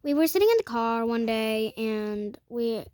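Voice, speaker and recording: A woman's voice: a little high, expressive, unhurried, mellow, clean tone, no echo. A woman telling a storytime vlog in a rambling way, full of fillers and self-corrections. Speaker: vlogger.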